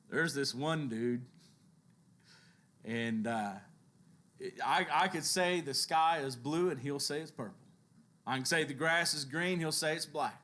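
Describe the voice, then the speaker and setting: A man preaching a sermon who tells Bible stories with lively, acted-out quotes and occasional chuckles. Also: measured pace. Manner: animated storytelling, acting out biblical quotes with shifts in pitch and loudness.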